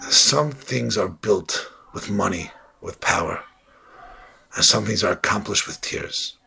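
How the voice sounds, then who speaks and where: A man's voice: on the low side, a little slow, gravelly, pushed and bright, breathy edge. A man delivering an inspirational sermon, telling an emotional story and sprinkling in Hebrew and Yiddish terms.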